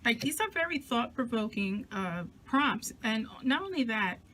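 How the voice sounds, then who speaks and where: A woman's voice: a little high, animated, measured pace, a bit bright, a little hiss or hum. A woman casually walking through and reviewing a new card deck, chatty and enthusiastic, often restarting her sentences. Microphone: zoomed-in camera close-up.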